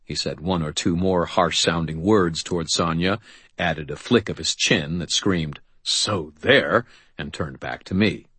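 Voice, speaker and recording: A man reads a first-person novel aloud in a low, husky voice with an even, steady delivery. The sound is dry and close, with no room around it. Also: moderate pace, no room sound. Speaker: audiobook narrator. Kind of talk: first-person audiobook narration.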